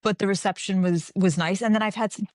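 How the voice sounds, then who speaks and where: A woman in her forties, a guest author chatting in an interview, telling animated stories and acting out the dialogue. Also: medium pitch, quick pace, dry recording, clean studio sound. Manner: animated storyteller, acts out quoted dialogue. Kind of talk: casual interview chat.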